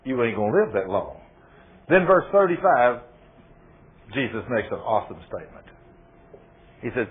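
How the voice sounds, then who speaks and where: A man's voice: mid-range voice, sing-song, moderate pace, long pauses, husky. A man preaching a sermon, firing rhetorical questions at his listeners and retelling scripture with quoted dialogue. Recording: tinny phone-like radio broadcast.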